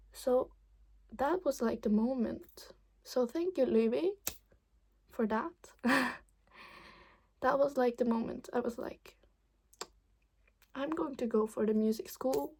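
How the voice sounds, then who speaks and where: Slow, gravelly teenage girl vlogging. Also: high-pitched, darkish tone. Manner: rambling, hesitant, many fillers and restarts. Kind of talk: casual chat.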